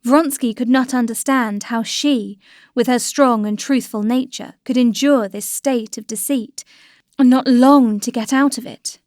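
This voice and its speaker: A woman narrating a classic novel as an audiobook, in a measured, even storytelling manner. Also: fairly high pitch, no room sound, studio quality.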